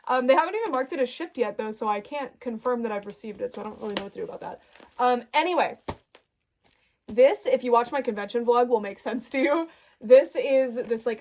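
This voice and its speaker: A woman casually chatting in a home vlog, excitable and gushing, laughing often, filmed on a phone. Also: a little high. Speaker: doll vlogger. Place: home room. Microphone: phone camera.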